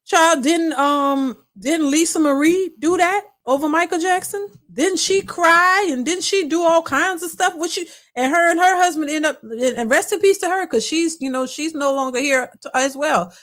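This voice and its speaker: A woman's voice: very high-pitched, normal speed, hardly any pauses, a bit bright. A woman hosting a reaction channel, giving blunt, emphatic commentary and repeating her points.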